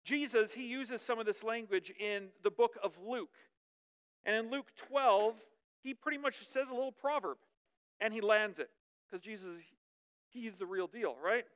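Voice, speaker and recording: A woman preacher giving a conversational sermon, lively and chatty, often checking in with her listeners. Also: on the high side, a little slow.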